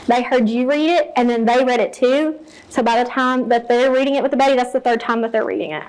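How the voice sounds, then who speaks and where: Woman teacher, fairly high voice, practical how-to talk for peers. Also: fairly even intonation, fast, a little mellow, low-quality recording. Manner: practical, explains step by step and models read-alouds. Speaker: teacher presenting to fellow teachers.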